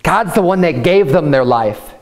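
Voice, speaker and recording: A man's voice: on the high side, animated, normal speed. A man preaching a sermon as pastor, impassioned and stumbling into restarts and repeated words as he presses his point. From United States.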